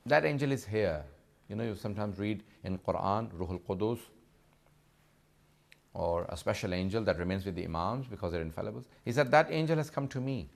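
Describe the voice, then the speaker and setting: Male preacher, gravelly timbre, impassioned sermon delivery. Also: low voice, fairly quick. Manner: impassioned, rising in grief. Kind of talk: sermon with emotional storytelling.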